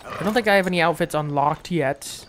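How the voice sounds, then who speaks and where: A man's voice: a little high, a little fast, background noise. A man casually commenting while playing a game, thinking aloud with restarts. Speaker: gameplay streamer.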